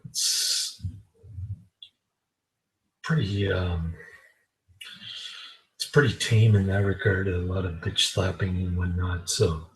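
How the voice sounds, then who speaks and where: A man giving a casual spoken film review in a halting, meandering way. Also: sits low, steady tone, low-quality recording.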